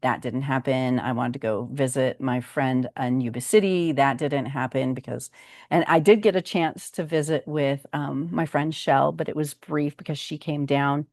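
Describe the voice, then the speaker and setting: Low-voiced older woman, chatty vlog update. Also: steady tone, moderate pace, a little mellow, dry recording, studio quality. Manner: chatty and meandering, with frequent ums. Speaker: vlog host. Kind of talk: casual personal update.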